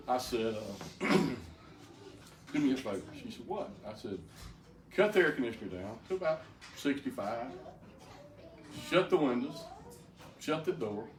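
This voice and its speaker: A man's voice: mid-range voice, sing-song, slow pace, long pauses. An older man giving a folksy personal testimony to a group, plainspoken and often stammering into restarts. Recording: roomy, distant mic, faint background noise.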